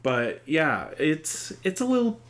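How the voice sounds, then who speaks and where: A man co-hosting a horror movie podcast, chatting casually. He speaks at a calm, measured pace in a mid-range voice and guides the show through its segments. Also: on the high side. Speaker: podcast co-host. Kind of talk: casual chat.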